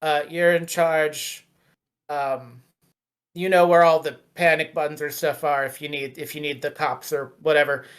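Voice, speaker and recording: A weary burger joint manager who grumbles and mutters his way through a phone call and his gripes about his pay, as a game master puts him on. His voice sits at an ordinary middle pitch. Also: little pitch movement, normal speed, a bit bright, clear, resonant tone, lightly acted. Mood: grumbling.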